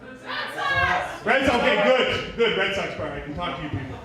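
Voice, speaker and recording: Quick and expressive, this high-voiced man works through a stand-up routine in a small indoor bar, swearing, rambling and poking fun at himself over a loud crowd. The mic sits far away in a room full of echo and audience sounds.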